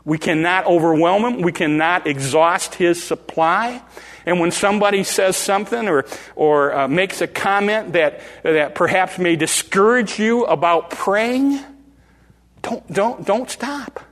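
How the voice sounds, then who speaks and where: An older man preaching a sermon, dramatic and animated, acting out voices from the story. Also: sits high, a little slow, long reverb tail. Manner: dramatic, acts out the crowd and beggar in rising calls.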